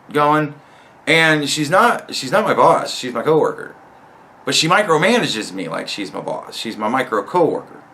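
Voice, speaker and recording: A man's voice: medium pitch, pushed and bright. A young man telling a long, rambling story about a coworker in a profane, exasperated way. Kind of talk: casual storytelling rant.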